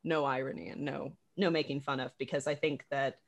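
A woman's voice: very deep voice, steady tone, fairly quick. A woman talking casually and animatedly about a stage production, laughing often and restarting her sentences, with lots of fillers. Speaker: theater practitioner discussing a production. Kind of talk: casual conversation about a play.

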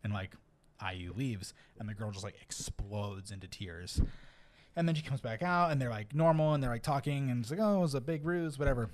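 A man's voice: medium pitch, fairly quick, background noise. A young man co-hosting a podcast, telling a story in a loose, rambling way with lots of fillers. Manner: rambling storyteller, animated retelling. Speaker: podcast co-host. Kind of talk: casual chat.

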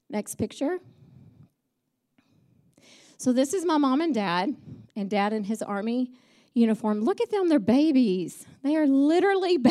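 A middle-aged woman speaking at church warmly recounts stories of her father, her delivery chatty, sincere, and frequently broken by ums. Her voice is medium in pitch and warm in tone, suited to this personal storytelling message.

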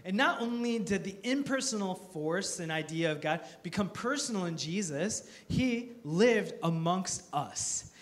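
A man, a pastor, preaches a sermon in a high-sitting voice. He tells stories with lively, self-mocking humor and earnest emphasis.

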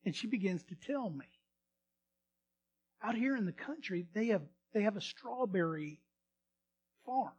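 Animated high-voiced pastor. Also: male voice, a little slow, pauses often, highs cut off. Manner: animated, swings from loud to hushed. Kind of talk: storytelling sermon.

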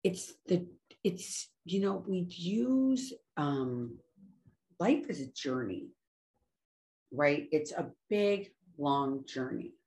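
A woman's voice: fairly low pitch, animated, drawn-out words, darkish tone. A woman speaking casually and earnestly about staying sober, often trailing off and correcting herself as she goes. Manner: earnest, rambling, self-correcting. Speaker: recovery speaker. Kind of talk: casual spoken talk on sobriety.

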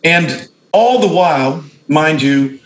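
Middle-aged pastor in a roomy space. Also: male voice, fairly high pitch, expressive, slow. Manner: reflective storytelling with frequent restarts and self-corrections. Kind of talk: conversational discussion among fellow pastors.

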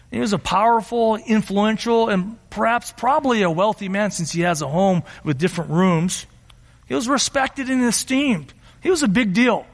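A man preaching a sermon as pastor, earnest, slowing down for emphasis and acting out quotes. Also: high voice. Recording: reverberant hall.

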